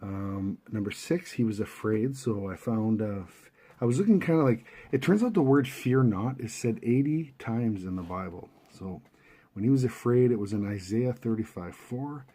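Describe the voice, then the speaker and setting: A man with a low, husky voice tells a dream to his viewers in a loose, rambling way. His tone is dark and mellow, and he stops often for fillers and restarts, then reads short verses in a slower, steadier voice. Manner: relaxed, rambling, with frequent fillers and self-corrections. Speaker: video host recounting dreams. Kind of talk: casual monologue retelling a dream.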